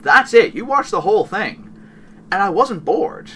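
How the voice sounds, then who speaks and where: Heard through a distant mic with a little hiss or hum, a man with a high, sing-song, fairly bright voice speaks a little slowly. He co-hosts a casual gaming podcast, rambling eagerly and fixing his words as he goes.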